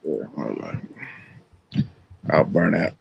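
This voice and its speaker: A man's voice: extremely low pitch, lively intonation, takes it slowly, gravelly, a little mellow, breathy edge. A man co-hosting a casual podcast, laid back and answering with short reactions and slang. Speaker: podcast co-host. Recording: dull lo-fi sound.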